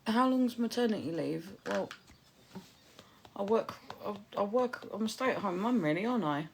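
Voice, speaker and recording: Woman, gravelly fry in her voice, faint background noise, casual at-home livestream chat, affectionate, reads out chat messages. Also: medium pitch, animated, moderate pace. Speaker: livestreamer and new mother.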